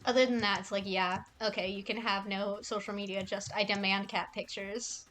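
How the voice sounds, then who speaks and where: A woman's voice: medium pitch, level tone, moderate pace, a bit bright. A young woman streaming casually, rambling and cooing affectionately at cats in a game. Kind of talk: casual livestream chat.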